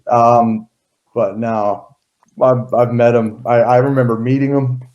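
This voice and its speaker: A man's voice: medium pitch, flat delivery, unhurried, darkish tone, lo-fi sound. A man in his thirties, an interview guest, telling stories in a rambling casual way with many fillers and restarts.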